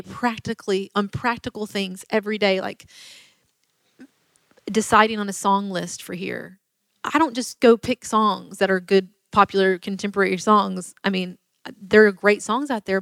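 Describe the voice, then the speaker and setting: A woman's voice: mid-range voice, steady tone, normal speed, fairly bright tone, no room sound, clean studio sound. A woman talking earnestly and conversationally about faith, sometimes voicing other people's worries. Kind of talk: conversational sermon talk.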